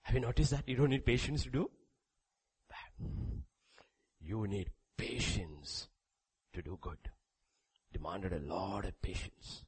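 A man preaching a sermon, reading scripture aloud, with sudden loud rises and quiet drops. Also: lowish voice, moderate pace, husky, low-quality recording. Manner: reads scripture aloud with emphasis.

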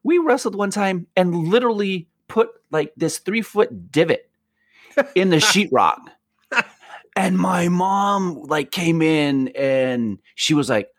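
A man's voice: sits high, expressive, unhurried, no echo, studio quality. A man in casual chat who talks animatedly and laughs often.

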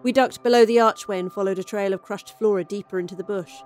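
A woman narrates a first-person sci-fi horror story in a wry, dry manner. Her voice sits at a middling pitch and the telling is scripted and steady. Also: fast, few pauses, faint music behind.

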